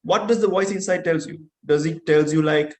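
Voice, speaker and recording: A man's voice: a little high, normal speed, a little mellow. A man with a Sri Lankan accent giving a motivational keynote speech, earnest and full of rhetorical questions. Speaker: keynote speaker. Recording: roomy echo.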